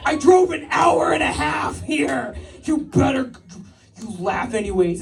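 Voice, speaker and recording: A woman's voice: high-pitched, measured pace, gravelly, shouting, distant mic. A woman in her thirties doing a stand-up comedy set, working the crowd with brash, crude banter and frequent laughter. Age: 30s. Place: live club stage with audience.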